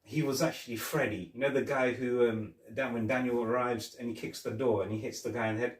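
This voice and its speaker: This podcast host talks a little fast in a steady, mid-range voice while chatting casually about a film, rambling and laughing through scene retellings. There's roomy echo from a distant mic.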